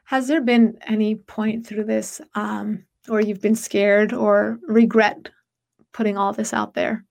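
A woman hosting an interview, asking questions and commenting in a steady, sympathetic way. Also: mid-range voice, takes it slowly, creaky. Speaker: interview host.

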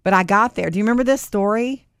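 A woman's voice: mid-range voice, fast talker, a bit bright, clean tone, dry recording, clean studio sound. A woman in casual chat who tells stories and acts out what people said. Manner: chatty storyteller, acts out quotes.

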